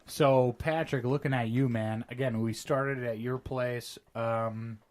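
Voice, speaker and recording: A man in the host's seat of a casual podcast, talking loosely and easily at a middle pitch. He keeps the chat moving by calling on each guest by name. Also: steady tone, slow pace. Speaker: podcast host.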